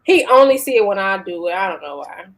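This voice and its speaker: A woman with a Chicago accent chats on a panel. Her voice is mid-pitched, and her tone is relaxed but firmly opinionated. She keeps things conversational. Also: quick pace. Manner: laid-back, opinionated. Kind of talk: casual panel chat.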